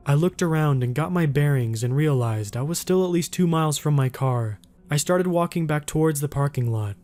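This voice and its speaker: Male narrator for scripted horror reads: mellow, measured, unhurried, pausing for effect. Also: medium pitch.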